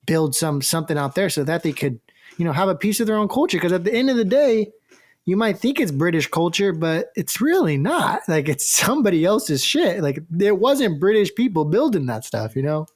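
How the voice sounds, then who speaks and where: A man's voice: high-pitched, big pitch swings, moderate pace. A man hosting a podcast, chatting in a laid-back way with lots of fillers. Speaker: podcast host. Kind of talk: casual chat.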